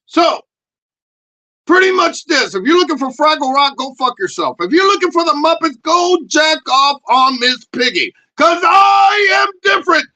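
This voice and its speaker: Screechy hyped-up puppet guy yelling crude pep talk, super high and bright. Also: sing-song, moderate pace, exaggerated voice, rough recording. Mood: ranting. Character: brash foul-mouthed male pep-talk puppet.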